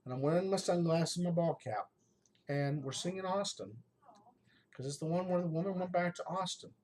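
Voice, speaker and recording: A man's voice: a little high, moderate pace, darkish tone, rough recording. A man who runs a game master channel, speaking in an emotional, heartfelt vlog monologue to his viewers. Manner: emotional, heartfelt, addresses viewers as folks and guys. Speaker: game master giving tips.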